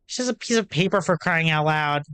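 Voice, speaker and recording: A woman's voice: sits low, expressive, a little fast, fairly bright tone, smooth, no room sound. Woman playing a prickly, feisty teen girl. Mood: remorseful. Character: feisty teenage girl, prickly but remorseful.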